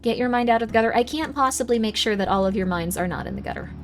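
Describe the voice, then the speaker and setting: A goofy woman streamer chatting casually over a game, her high voice bouncing all over the place. She jokes with her chat in a bubbly, self-deprecating way while soft game music plays underneath. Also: sing-song, rapid-fire. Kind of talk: casual live game commentary. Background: faint game music.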